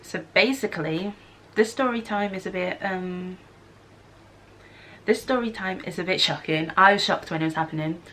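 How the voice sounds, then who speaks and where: A young woman, telling an animated storytime vlog and acting out the voices she quotes. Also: fairly low pitch, normal speed, slight background noise. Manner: animated, acts out screams and quotes. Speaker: vlogger. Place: student flat room.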